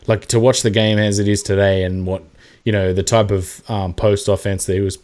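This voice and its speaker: A man's voice: lowish voice, flat delivery, moderate pace, darkish tone. An Australian man co-hosting a podcast, chatting casually and animatedly about basketball, swearing freely and acting out mock quotes. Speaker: podcast co-host. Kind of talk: casual sports chat.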